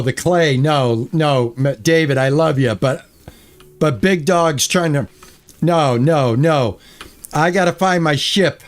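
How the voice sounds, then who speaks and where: A male game streamer with a fairly high voice who talks to his chat in an unhurried, drawn-out way. He grumbles and gets exasperated easily, keeping up a loose, chatty running commentary. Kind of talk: casual gameplay commentary.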